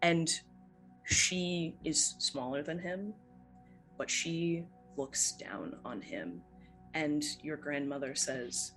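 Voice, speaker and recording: A game master narrating a tabletop game in a slow, descriptive, unhurried way, with the occasional "um" along the way. Faint music plays in the background. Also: medium pitch, fairly bright tone, rough recording.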